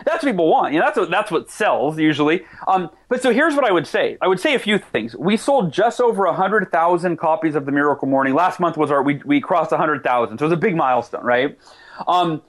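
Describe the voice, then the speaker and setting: High-voiced eager man telling his story. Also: lively intonation. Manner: eager, quick restarts, self-corrections. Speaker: author and guest. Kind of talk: animated interview talk.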